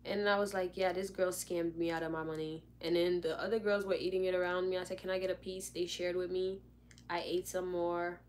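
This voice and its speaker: A young woman telling a story in a casual, animated way, acting out what people said. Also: on the low side, brisk, a little hiss or hum. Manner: animated, dramatic retelling with lots of "like". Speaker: vlogger.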